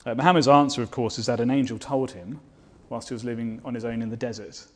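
Male preacher, mid-pitched, earnest sermon delivery that builds to fervent declarations. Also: steady tone, fast. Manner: rhetorical questions to the listeners.

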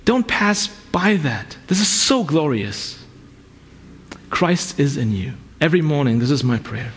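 A man with a fairly high, husky voice delivers a sermon. He talks earnestly and conversationally, often backing up to restart a phrase as he goes. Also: very animated, unhurried. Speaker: preacher.

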